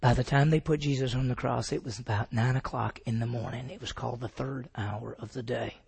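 Gravelly, husky male Bible teacher. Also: medium pitch, steady tone, a little fast, darkish tone. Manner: asks the audience questions and answers them.

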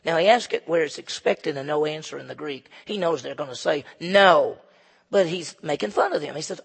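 A fervent male pastor delivers a sermon in a gravelly, somewhat husky voice that swings between hushed asides and loud emphasis. His pitch sits a little high for a man. A long hall reverb hangs behind him. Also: a little fast.

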